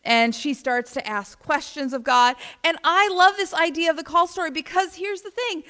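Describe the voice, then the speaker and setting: A woman pastor preaching a conversational sermon in a church, animated and emphatic with repeated phrases. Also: very high-pitched, moderate pace. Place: church sanctuary.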